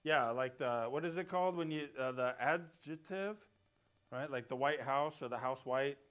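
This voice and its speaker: A man's voice: medium pitch, normal speed, a bit bright. Man teaching a church Bible class. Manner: explains step by step, often checks in with "right?".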